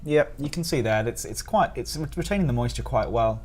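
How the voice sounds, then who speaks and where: A man's voice: medium pitch, expressive, a little fast. A man streaming live and reviewing biscuits in casual chat. He is giddy and laughs often between words.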